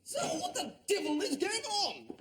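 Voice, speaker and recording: An actor playing a dim, hearty lieutenant who gushes and giggles, in a TV sitcom. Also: male voice, very high-pitched, wildly swooping pitch, normal speed, a crowd in the background, full character voice. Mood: jolly. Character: dim, jolly young upper-class English lieutenant. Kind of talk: TV sitcom acting.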